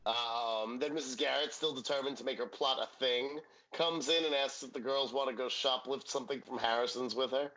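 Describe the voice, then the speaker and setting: A man's voice: medium pitch, steady tone, fairly quick, hardly any pauses, bright, forceful tone. Joking man, dull lo-fi podcast sound. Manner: joking, profane, acts out quotes. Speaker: podcast co-host. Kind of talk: casual recap chat.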